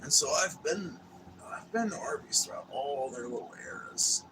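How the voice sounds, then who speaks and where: A man's voice: mid-range voice, wildly swooping pitch, moderate pace, gravelly, noisy background. A young man, chatting casually and rambling with viewers on a livestream, swearing freely and restarting sentences. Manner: profane, meandering, restarts and filler words.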